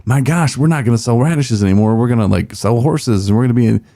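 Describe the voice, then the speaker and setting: A man voicing a panicky young farmer's son who blurts out his alarm and excitement. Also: lowish voice, fairly quick, gravelly, dry recording, studio quality. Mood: thrilled.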